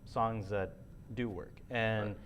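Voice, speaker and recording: A young man co-hosting a casual music commentary show, talking in a relaxed, rambling way with many fillers. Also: lowish voice, takes it slowly, slight background noise. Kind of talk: casual chat.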